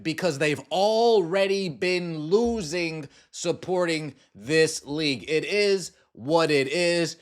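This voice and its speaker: A male sports podcast host with a voice on the high side talks slowly, with few pauses. He gives opinionated commentary, mocking the people he discusses and putting on sarcastic voices.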